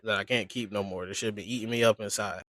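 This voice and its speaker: A man's voice: on the low side, fast talker, dry recording. A man casually retelling a story on a podcast, acting out the characters' lines in slang. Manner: animated retelling with slangy acted quotes. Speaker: podcast co-host.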